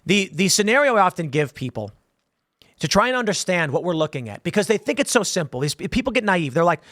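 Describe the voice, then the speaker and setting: A man's voice: sits high, sing-song, fast talker, fairly bright tone, no room sound, clean studio sound. A man giving opinionated political commentary as a host, talking emphatically and rambling, sometimes acting out other people's voices.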